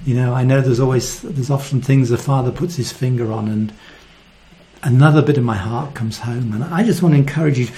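A man preaching a sermon, earnest and reflective, often dropping to a soft voice. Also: medium pitch, fairly quick, slight background noise.

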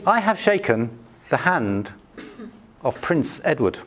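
A man's voice: high-pitched, lively intonation, unhurried. A British man preaching a sermon in a conversational, anecdotal way with self-deprecating humor. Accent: British English. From Britain.

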